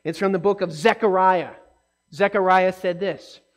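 Woman teaching a bible lesson to kids, animated, keeps asking the group questions. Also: fairly low pitch, moderate pace. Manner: animated, asks the listeners questions. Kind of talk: Bible lesson for a young audience.

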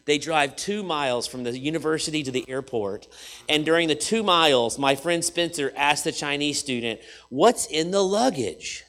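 Bright, forceful male preacher. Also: fairly high pitch, normal speed. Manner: animated, swings from loud to hushed, repeats phrases for emphasis. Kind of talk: sermon.

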